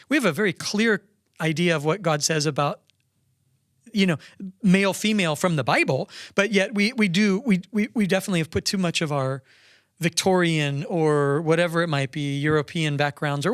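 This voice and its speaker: A man's voice: on the high side, fairly bright tone, no echo, studio quality. A man hosting a podcast interview, talking enthusiastically in a casual way, often restarting his sentences. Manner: enthusiastic, effusive, with frequent restarts. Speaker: podcast host.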